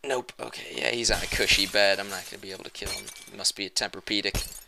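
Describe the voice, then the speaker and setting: Over a noisy background, a young man jokes his way through let's-play footage, mumbling quietly and then yelping out loud. He speaks quickly on a fairly steady, lowish tone with audible vocal fry.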